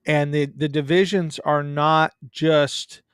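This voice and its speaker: A man who is a guest on a podcast, chatting casually with a joking, animated manner. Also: a little high, clear, resonant tone, no echo, clean studio sound. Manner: joking, animated, quick asides. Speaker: pastor and guest. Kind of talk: casual chat.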